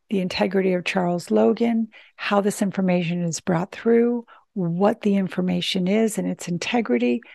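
A woman's voice: medium pitch, gravelly, darkish tone, no echo. A woman hosting her own channel, giving a heartfelt personal testimonial in an earnest way, often restarting her sentences. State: tearful at times. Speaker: channel host.

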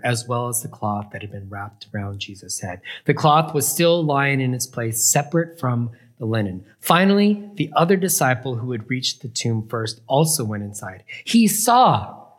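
A man teaching a Bible passage, retelling it with questions to his listeners and acting out the quoted lines. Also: medium pitch. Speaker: preacher.

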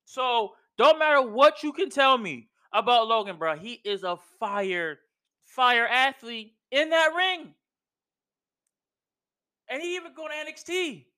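Male podcast host with a clear, smooth, high voice, casual and emphatic, heavy on slang. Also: sing-song, unhurried, bright, forceful tone. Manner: emphatic, slangy, repeats himself, says "bro" a lot. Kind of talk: casual wrestling opinion rant.

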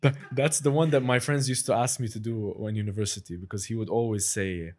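A man's voice: mid-range voice, steady tone, fast talker. A young man chatting casually, rambling with many fillers and restarts. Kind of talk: casual chat.

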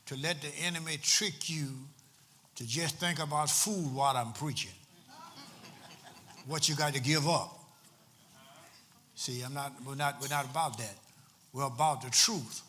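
Male preacher, fairly high bright voice, keeps repeating lines to drive them home, church sermon. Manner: call-and-response preaching, repeats phrases for emphasis. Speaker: pastor.

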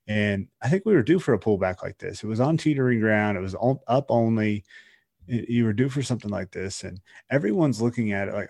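A podcast co-host with a lowish voice talks fairly quickly in a loose, casual, talkative way, his speech peppered with "like" and "uh." The sound is clean studio audio with no echo.

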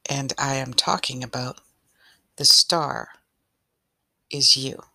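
Woman, spiritual coach and podcast host, gentle inviting manner, low bright voice, creaky. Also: fairly even intonation, takes it slowly, dry recording. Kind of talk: soft-spoken podcast talk and story reading.

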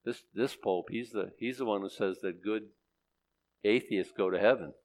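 A male pastor giving a conversational verse-by-verse sermon, animated, with sudden jumps in loudness, humorous asides and frequent restarts. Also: fairly low pitch, moderate pace. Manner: frequent restarts and repeated words.

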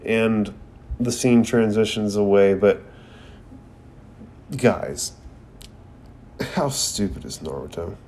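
Slow, dark-voiced man recapping an anime. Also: fairly low pitch. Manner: profane, rambling, frequent "like". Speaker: anime episode reviewer. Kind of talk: casual recap and commentary.

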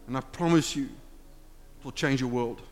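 A man's voice: medium pitch, unhurried. Impassioned male pastor in a reverberant hall. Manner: impassioned, swinging from loud urging to hushed intimate talk. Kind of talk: sermon. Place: church sanctuary. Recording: long hall reverb with faint music.

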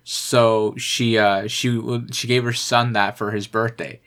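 A man's voice: medium pitch, flat delivery, a little slow, fairly bright tone. A man in casual chat, telling long stories with lots of fillers and restarts. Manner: rambling storyteller, many fillers and restarts.

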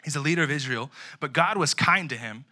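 Bright-voiced young man preaching. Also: fairly high pitch, a little fast. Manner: animated, conversational preaching with slang and acted-out asides. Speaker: youth pastor. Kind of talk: sermon.

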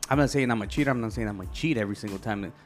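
A man's voice: fairly low pitch, racing, faint music behind. A man co-hosting a casual podcast chat, blunt and profane, rambling with lots of fillers. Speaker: podcast co-host.

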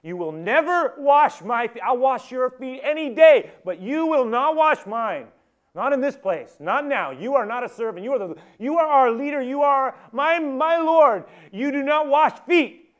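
A man's voice: mid-range voice, brisk, dull audio, close to an everyday voice. A man voicing an indignant, stubborn grown male disciple who keeps insisting and repeating his refusals. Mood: indignant, loud.

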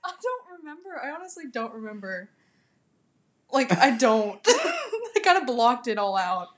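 Giggly young woman, high lively voice. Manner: giggly, blunt, quick interjections. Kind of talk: casual chat.

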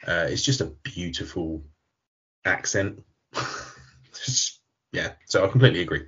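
A man with a deep, very raspy voice chats easily on a podcast, rambling through his stories and laughing often. His voice is gravelly and rough, and the recording sounds dull and lo-fi. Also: lively intonation, measured pace, fairly bright tone. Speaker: podcast co-host. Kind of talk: casual chat.

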